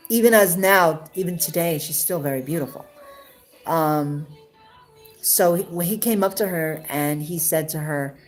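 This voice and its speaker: New woman, livestream storyteller, emotional and rambling, faint music under her. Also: fairly low pitch. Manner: emotional, rambling, many restarts and fillers. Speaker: livestream host. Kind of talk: casual storytelling to live viewers.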